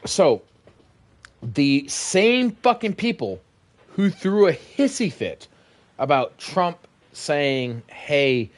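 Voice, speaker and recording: A man's voice: on the high side, very animated, very slow. A young man and military veteran in casual political chat, blunt and emphatic, swearing freely. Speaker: podcast co-host, military veteran.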